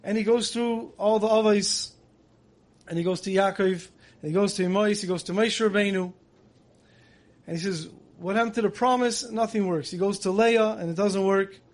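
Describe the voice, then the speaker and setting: A man giving a storytelling sermon, acting out quotes and dropping soft on emotional lines. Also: sits high, fairly even intonation, moderate pace. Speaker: rabbi giving a Tisha B'Av lecture.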